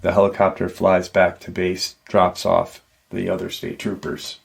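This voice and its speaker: A man with a low, gravelly voice retells a paranormal encounter at an unhurried pace. He rambles, often breaking off with "you know" asides, in a casual storytelling manner. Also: completely flat delivery. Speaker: paranormal storytelling channel host.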